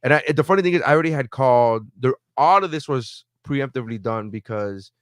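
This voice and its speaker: A man's voice: medium pitch, lively intonation, fairly quick, no echo, clean studio sound. A man co-hosting a podcast, telling a story with lots of swearing and acted-out phone calls. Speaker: podcast co-host. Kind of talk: casual podcast chat.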